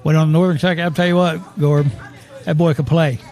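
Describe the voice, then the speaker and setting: The host of this laid-back local sports talk show speaks fast, his voice sitting a little high for a man. He chuckles and rambles as he recounts tales of former players.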